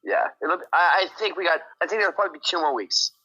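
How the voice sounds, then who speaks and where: A man chatting and teasing friends on a group live stream, quick and excitable. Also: a little high, dull audio. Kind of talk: casual chat on a group stream.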